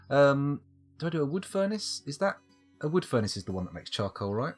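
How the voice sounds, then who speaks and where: Man, live game streamer; husky voice that swings up and down a lot, chatty and self-deprecating. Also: medium pitch, sing-song, moderate pace, soft background music. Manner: rambling, talks to himself, self-mocking asides. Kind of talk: live gameplay commentary.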